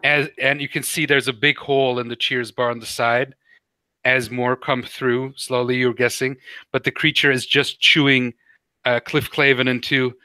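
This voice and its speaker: Young male game master, rambling and casual, sharp bright tone, dry sound. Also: medium pitch, little pitch movement, moderate pace, clean tone, no room sound, rough recording. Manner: rambling, casual, with many fillers. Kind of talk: narrating a tabletop game.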